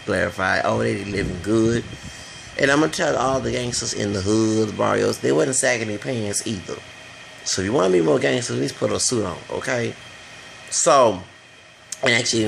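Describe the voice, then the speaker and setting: Gravelly man ranting in a vlog. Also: medium pitch, a bit bright, slight background noise, poor audio. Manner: rambling, blunt, swears freely. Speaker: vlogger. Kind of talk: casual opinion rant.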